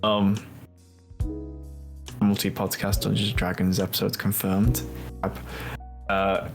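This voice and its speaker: A man's voice: fairly low pitch, flat delivery, slow, gravelly, over music. A man from Wales with a Welsh accent, a podcast co-host making blunt, provocative remarks in casual chat.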